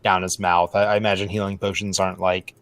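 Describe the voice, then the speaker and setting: A man's voice: sits low, flat delivery, fast, a bit bright, no room sound. A man playing a tabletop game, talking in a casual, rambling way with filler words. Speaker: player.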